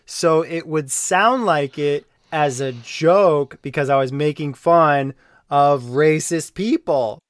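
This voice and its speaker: A man's voice: fairly high pitch, slow, no room sound, clean studio sound. A man in a casual monologue, rambling and defensive, with lots of fillers and self-justification. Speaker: online video creator being reviewed.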